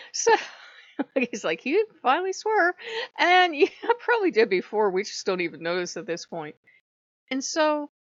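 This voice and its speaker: A woman's voice: medium pitch, no room sound. Chatty irreverent woman, dry lo-fi sound. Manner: irreverent, chatty, acts out quoted speech. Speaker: host of a pagan spirituality channel. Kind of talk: casual spiritual monologue.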